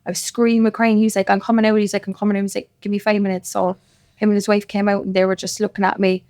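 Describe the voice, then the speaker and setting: She's a podcast guest from Ireland, speaking with a Cork accent and rattling through her story quickly while voicing other people's lines. The recording is studio quality with no echo, and her mid-range voice comes across flat and a little mellow.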